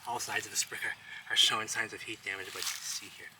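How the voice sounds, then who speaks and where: Excitable rambling man outdoors by traffic. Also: on the low side, fast talker. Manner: excitable, rambling, addresses viewers directly. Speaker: vlogger exploring ruins. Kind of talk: casual walk-and-talk commentary. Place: outdoors among rubble and old brickwork. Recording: loud outdoor traffic noise.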